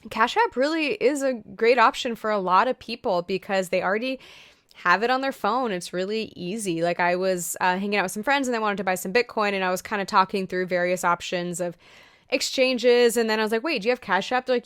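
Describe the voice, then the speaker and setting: A woman's voice: mid-range voice, brisk, fairly bright tone, clean tone, no room sound, studio quality. A young woman chatting casually to camera about crypto news, upbeat, with many fillers and asides. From Canada and the US.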